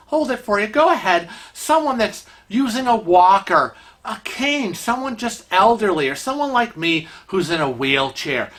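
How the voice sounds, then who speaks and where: A man's voice: very high-pitched, bright, forceful tone. A man hosting a vlog segment on cruise etiquette, calling out bad behavior in an indignant, emphatic way. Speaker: vlog host.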